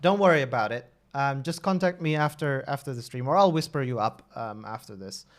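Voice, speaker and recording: A man's voice: medium pitch, brisk. A man in his thirties chatting casually on a live stream, talkative and often restarting and correcting himself. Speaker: streamer and level designer.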